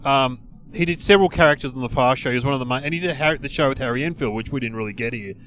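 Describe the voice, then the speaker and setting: Aussie comic, lively storyteller in a car, does voices. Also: male voice, mid-range voice, rapid-fire. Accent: Australian. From Australia. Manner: animated storyteller, acts out quotes. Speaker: comedian co-host. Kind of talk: casual chat while driving.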